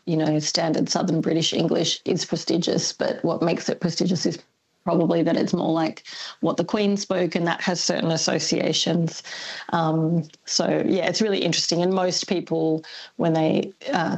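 A woman's voice: lowish voice, flat delivery, moderate pace, gravelly, slightly rough. A woman speaking as an expert guest in a radio interview, thoughtful and hedging, often laughing lightly.

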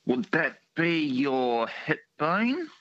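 A man's voice: fairly high pitch, very animated, extremely slow, a bit bright, no echo. A man calling in to a radio quiz, joking and trying out voices. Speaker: caller. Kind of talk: casual phone-in chat. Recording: muffled phone line with faint noise.

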